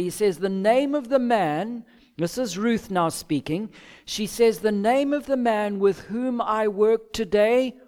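Male pastor, sermon, measured delivery, emphatic pauses, slow pace. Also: sits high, a little mellow. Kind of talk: expository sermon.

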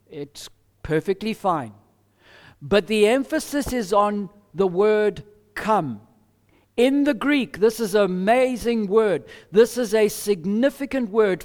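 A man preaching an expository sermon as pastor, measured and emphatic with deliberate pauses. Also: high voice, a little mellow, in a large hall.

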